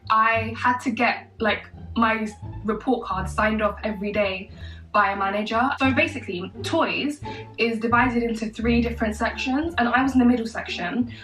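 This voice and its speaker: This woman in her twenties, a vlogger, relates a casual story while getting ready, chatty, sassy and self-mocking along the way. Her voice sits on the high side and sounds a bit bright. Faint music plays behind her in an echoey room, with the mic placed far off.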